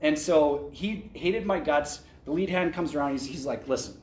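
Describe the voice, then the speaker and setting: Male event speaker, fairly high voice, casual candid storytelling, roomy echo. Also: normal speed, darkish tone, slight background noise. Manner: candid, conversational, with slips and restarts. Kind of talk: storytelling talk to an audience. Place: event venue, indoors. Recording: echoey event room.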